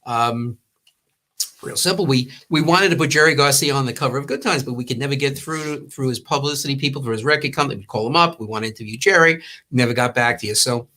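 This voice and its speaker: An older man from the New York area, a former magazine owner, telling long anecdotes in casual talk and acting out the quotes. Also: mid-range voice. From Long Island, New York. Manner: rambling, warm storytelling with acted-out quotes.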